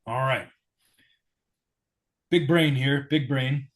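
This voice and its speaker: A man's voice: medium pitch, slow. An American man from the United States, a guest in a sit-down interview, telling a personal story in an easygoing, self-deprecating way.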